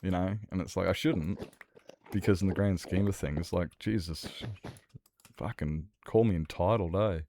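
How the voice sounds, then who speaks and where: A man's voice: deep voice, normal speed, dark tone, a little hiss or hum. A young man streaming, talking candidly in a rambling, sweary, casual way. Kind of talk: casual livestream chat.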